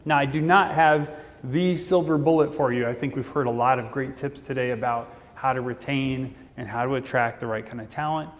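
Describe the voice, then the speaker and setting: A man giving a fast, casual, jokey conference talk from a stage. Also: mid-range voice. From Indianapolis, Indiana, US. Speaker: conference speaker. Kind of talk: keynote presentation. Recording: long reverb of a conference hall.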